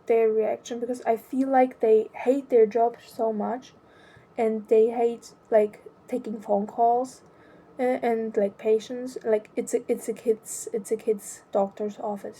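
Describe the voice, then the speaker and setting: A young adult woman talking about her own life in a hesitant, halting way, often restarting her sentences. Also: fairly high pitch, fairly even intonation, warm tone, slightly rough. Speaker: vlogger. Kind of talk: personal confessional monologue.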